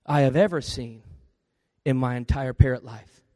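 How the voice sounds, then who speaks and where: A man voicing a rude male parrot in a pet store who slowly taunts and insults a customer. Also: medium pitch, darkish tone, pitched below the performer's own voice, close to an everyday voice. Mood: taunting.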